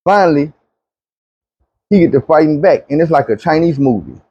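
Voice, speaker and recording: A man telling a long dream story, animated, dropping low and quiet when he pleads. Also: moderate pace, breathy edge, no room sound, highs cut off. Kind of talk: recounting a dream testimony.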